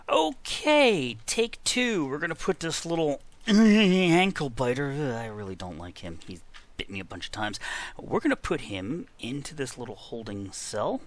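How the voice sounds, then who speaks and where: A gaming video creator with a mid-range voice talks at normal speed while he plays, very animated. His commentary is casual and chatty, mostly talk to himself punctuated by frequent exclamations.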